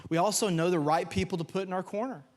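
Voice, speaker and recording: A young man preaches from a church stage with a slightly high voice. He tells stories in an animated way, acting out the voices and shouting out the quotes. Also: fast. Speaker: pastor. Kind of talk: sermon. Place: church sanctuary.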